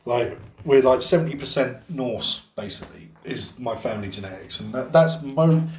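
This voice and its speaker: A man's voice: mid-range voice, animated, moderate pace, darkish tone, reverberant, a little hiss or hum. A young adult Englishman co-hosting a podcast, swearing a lot and telling a story animatedly. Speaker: podcast co-host. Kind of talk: casual storytelling chat.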